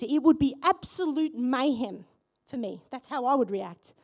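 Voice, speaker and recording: A woman pastor preaching a sermon in church, animated and asking the congregation questions. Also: high-pitched, unhurried.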